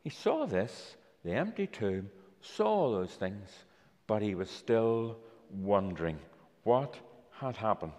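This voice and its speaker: Lively storytelling male preacher in a hall. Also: on the low side, slow pace. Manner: storytelling with props, inviting people up. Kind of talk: children's talk sermon.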